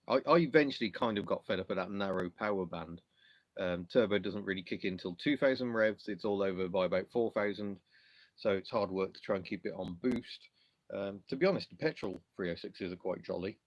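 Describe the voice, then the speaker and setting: Reading comments during a car livestream, a man from England answers viewer questions in a chatty, self-deprecating way full of ums. His voice is lowish, and the lo-fi audio has no room sound.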